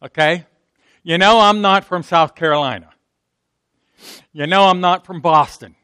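Pittsburgh-accented pastor, bright and high. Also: male voice, a little slow, clear, resonant tone, dry recording, studio quality. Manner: conversational, folksy, acts out quotes. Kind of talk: sermon.

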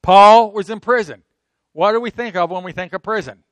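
A middle-aged man preaching a sermon in a conversational way, swinging from loud emphatic bursts to soft asides and asking his listeners frequent rhetorical questions. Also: sits high, normal speed, no room sound. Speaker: pastor.

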